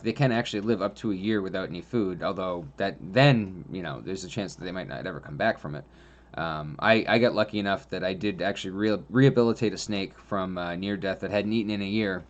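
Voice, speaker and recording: A man's voice: sits low, muffled recording. A man talking casually about caring for pets, rambling with many fillers and restarts and laughing often as he tells stories. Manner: chatty storyteller, laughs often. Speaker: vlogger on pet reptile and spider care. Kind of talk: casual monologue.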